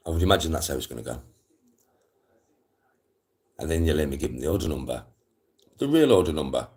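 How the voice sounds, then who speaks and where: A man's voice: extremely low pitch, animated, very fast, pauses often, a little mellow. A man, chatting casually on a live stream and telling rambling stories full of slang and swearing.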